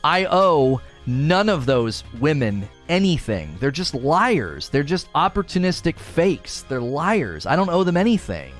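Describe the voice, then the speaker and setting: A man's voice: on the high side, big pitch swings, unhurried, hardly any pauses. Guy streamer ranting, defensive and worked up, voice jumping all over, a little music faint behind. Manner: indignant, defensive, repetitive. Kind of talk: ranting monologue.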